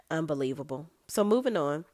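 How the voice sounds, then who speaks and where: A woman's voice: low voice, animated, a little slow, a little mellow, no echo, clean studio sound. A woman recapping a TV episode in a casual, sassy, blunt way, full of slang. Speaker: TV recap vlogger.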